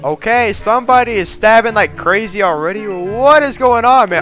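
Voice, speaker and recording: A man giving casual gameplay commentary in an excitable, jokey way, reading chat aloud. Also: high-pitched, normal speed, soft background music. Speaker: gaming video creator.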